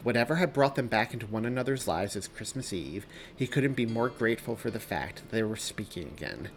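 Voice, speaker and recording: A man, the author himself, reading his own novel aloud in a steady storytelling delivery. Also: fairly low pitch, brisk, a little hiss or hum. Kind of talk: audiobook narration.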